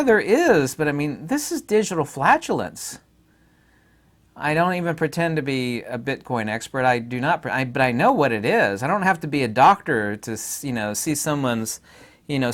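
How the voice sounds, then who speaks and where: A man's voice: medium pitch, a bit bright. A middle-aged man hosting his own channel, giving a rambling, opinionated monologue full of fillers and asides. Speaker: channel host. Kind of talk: casual monologue to camera.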